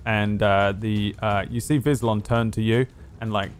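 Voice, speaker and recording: A man's voice: lowish voice, fairly even intonation, measured pace, soft background music. A man narrating as game master of a tabletop game, rambling and hesitant with many fillers.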